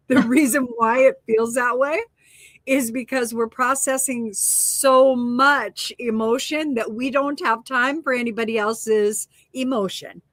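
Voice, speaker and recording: A woman co-hosting a casual spiritual talk show, animated and emphatic, laughing often and teaching through rhetorical questions. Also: on the high side, takes it slowly. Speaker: co-host.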